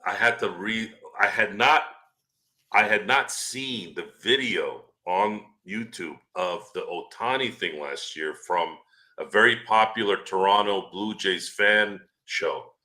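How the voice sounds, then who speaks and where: A man co-hosting a casual sports podcast, telling animated stories, swearing freely and acting out the people he quotes. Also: on the low side, takes it slowly. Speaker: podcast co-host.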